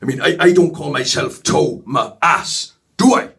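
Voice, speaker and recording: A man's voice: on the high side, moderate pace, vocal fry, fairly bright tone. A man impersonating a swaggering older male crooner who belts out lines and mumbles with a stammer. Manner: belting sung lines, then mumbling stammer.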